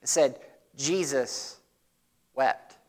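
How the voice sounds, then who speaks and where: A male pastor, preaching a sermon in a conversational way that swings from loud emphatic lines to soft, low asides. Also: very slow.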